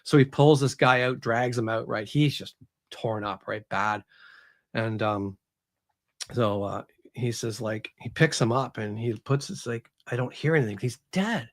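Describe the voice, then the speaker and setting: A man, an author who is a guest on an interview show, retells his story in an easy, conversational way. He tells it with animated energy and slips into voices for the characters as he goes. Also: on the low side, measured pace.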